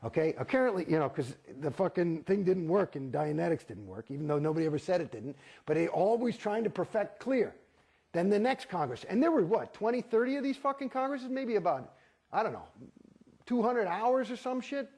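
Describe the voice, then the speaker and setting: A man with a husky, fairly high voice speaks in an interview. He is blunt and profane and piles up emphatic, rambling sentences full of false starts. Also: animated, a little fast. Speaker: interviewee, former church member. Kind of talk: candid interview talk.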